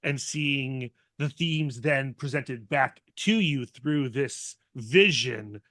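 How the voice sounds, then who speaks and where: A man hosting a podcast interview, his voice bright and somewhat high. He speaks thoughtfully and hesitates as he builds a question. The sound is close and dry, with no room around it. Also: slow, no echo. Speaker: podcast host.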